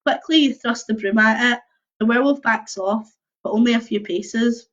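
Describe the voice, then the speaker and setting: A young woman reading a choose-your-own-adventure book aloud on a livestream, mixing lively narration with casual chatty asides. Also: a little high, normal speed. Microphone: computer or phone mic on a video stream. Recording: dull lo-fi livestream audio.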